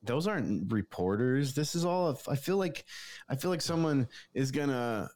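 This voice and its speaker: A man's voice: medium pitch, expressive, moderate pace, darkish tone. A man co-hosting a casual podcast, rambling with lots of filler words and frequent swearing. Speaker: podcast co-host. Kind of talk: casual profane chat.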